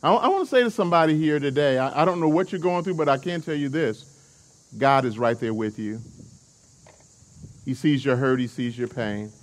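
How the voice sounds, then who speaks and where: A man's voice: mid-range voice, normal speed. A male preacher delivering a sermon, emphatic and calling on the congregation to respond.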